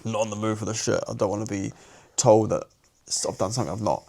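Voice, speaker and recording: Telling a personal story on the podcast he co-hosts, a young man with a New Zealand accent talks fast, casually, with slang and swearing, often starting sentences over. His voice is lowish, gravelly and mellow with fairly even intonation.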